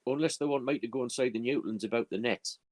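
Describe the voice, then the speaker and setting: A man's voice: mid-range voice, fast talker, no room sound. A man taking part in a tabletop game, speaking casually and plainly. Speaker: player. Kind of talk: tabletop role-play.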